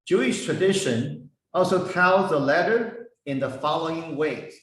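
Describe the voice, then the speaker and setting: Slow, deliberate man in an echoey room. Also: a little high, animated, a bit bright. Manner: slow, deliberate, spells out Hebrew words one by one. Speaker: Bible teacher. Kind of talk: slow explanatory lesson. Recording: echoey room, voice heard from a distance.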